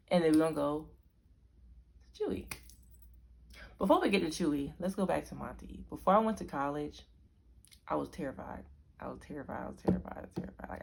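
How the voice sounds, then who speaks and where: Low, gravelly young woman vlogger. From Arizona. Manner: rambling, self-correcting, chatty. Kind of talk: casual storytelling to camera.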